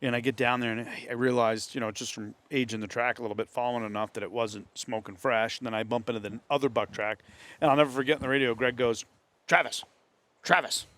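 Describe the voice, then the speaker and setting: A man's voice: medium pitch, steady tone, fast, fairly bright tone. A man with a New England accent telling a hunting story in casual talk among friends, acting out the voices of others. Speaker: host. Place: hunting camp.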